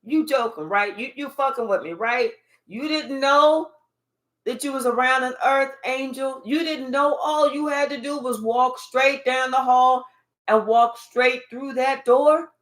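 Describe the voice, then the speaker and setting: Woman card reader with a fairly high voice, emphatic and teasing, swears freely while reading for live viewers. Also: unhurried, a bit bright.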